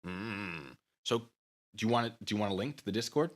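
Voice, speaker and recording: A man's voice: fairly low pitch, expressive, fairly quick. A man hosting his own channel, ranting to the camera and goading a rival in a taunting, sarcastic way. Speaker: channel host.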